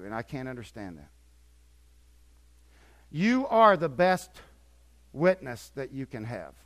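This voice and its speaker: An older man preaching a sermon as pastor, swinging between quiet asides and emphatic, repetitive points. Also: fairly high pitch.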